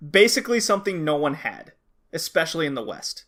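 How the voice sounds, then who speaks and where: A man's voice: fairly high pitch, big pitch swings, brisk, pushed and bright. A man co-hosting a casual podcast, explaining things at length with restarts and frequent check-ins with his co-host.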